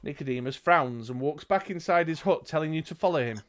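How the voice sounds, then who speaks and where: A man's voice: a little high, a little fast. Man narrating a gamebook. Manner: reads the book aloud, chatty asides. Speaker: game master.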